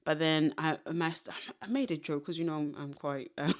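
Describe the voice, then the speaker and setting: A young adult woman from Zimbabwe, appearing as a podcast guest, speaks in a low voice with a steady tone at a moderate pace. In this casual interview chat she wanders off into tangential stories and laughs often.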